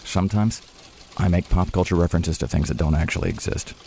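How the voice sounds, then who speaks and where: A man's voice: deep voice, quick pace, creaky, darkish tone, a little hiss or hum. A man hosting a talk radio show, telling rambling, sardonic stories in casual banter. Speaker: radio host.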